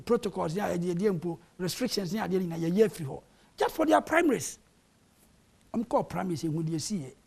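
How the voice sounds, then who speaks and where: Raspy gravelly-voiced studio debater. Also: medium pitch, a little mellow. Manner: argumentative, mixing Twi and English. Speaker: panel guest. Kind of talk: heated political debate. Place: television studio.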